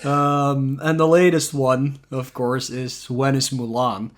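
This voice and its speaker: A man co-hosting a casual podcast, speaking in a dry, unhurried way and chuckling often. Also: mid-range voice, flat delivery. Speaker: podcast co-host. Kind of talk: casual chat.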